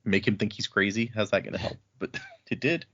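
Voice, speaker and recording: A man co-hosting a casual book podcast, retelling scenes and tossing in quick quoted lines with frequent laughs. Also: fairly low pitch, animated, fairly bright tone, husky. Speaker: podcast co-host. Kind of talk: casual book-club chat. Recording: dull lo-fi audio.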